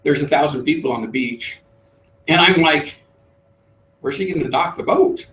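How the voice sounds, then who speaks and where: A middle-aged man, a trainer, telling a lively story to a live group and acting out the voices. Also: on the high side, normal speed. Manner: animated storyteller, acts out voices. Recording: roomy, distant mic.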